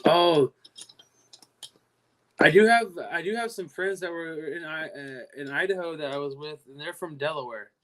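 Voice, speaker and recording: A man's voice: fairly high pitch, normal speed, fairly bright tone. Man, californian accent, casual livestream talk, rambling, repeats himself, trails off. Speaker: livestream host. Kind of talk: casual live-stream chat.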